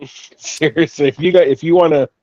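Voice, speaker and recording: A man co-hosts a casual gaming chat, laughing easily and chiming in with short, agreeing answers. His voice sits a little high for a man. It comes through on dull, lo-fi chat audio with a dry sound. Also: steady tone, normal speed, darkish tone, dry recording. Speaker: co-host.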